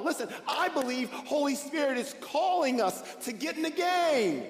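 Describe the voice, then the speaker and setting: Energetic male pastor with a high-pitched voice, preaching in a reverberant sanctuary. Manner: energetic, animated and conversational, with bursts of excitement. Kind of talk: sermon. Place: church sanctuary. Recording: echoey church hall.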